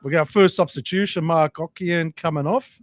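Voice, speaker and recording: Playful high-voiced man, dry recording. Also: moderate pace, dry recording. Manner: playful, storytelling, teasing. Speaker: co-host. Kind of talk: casual chat.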